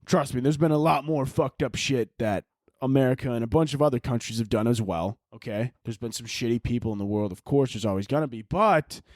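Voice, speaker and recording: A young man talks straight into the mic in a dry, close recording with no room sound. He rants casually and profanely on his podcast, rambling from joke to joke at a middling pitch. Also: brisk, no echo. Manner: profane, rambling, jokey, with laughs and sudden yells. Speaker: podcast host. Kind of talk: casual comedic rant.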